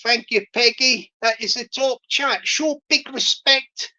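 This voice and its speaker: A woman chatting casually on a livestream, rambling and repetitive, with theatrical, gushing shout-outs to viewers. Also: on the high side, a little slow, low-quality recording.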